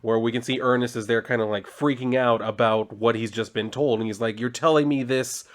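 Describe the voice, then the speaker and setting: A man casually reviewing a comic book, chatty and joking, with many fillers and asides. His voice sits at an average male pitch. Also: flat delivery, a little fast.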